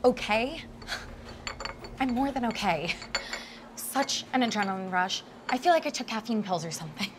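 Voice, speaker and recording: Woman playing an excitable young partner-in-crime. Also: a little high, moderate pace, pauses often, noisy background, close to an everyday voice. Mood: shaken, giddy. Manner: excitable, rambling, needling. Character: impulsive young woman, a hitman's eager new partner. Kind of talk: web series drama acting.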